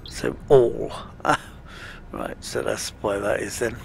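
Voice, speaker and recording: A man talks slowly through a game, chatting and muttering to himself with a gravelly, creaky voice. A faint hum sits under his home recording. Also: on the low side, big pitch swings. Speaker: gaming channel host. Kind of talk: casual let's-play commentary.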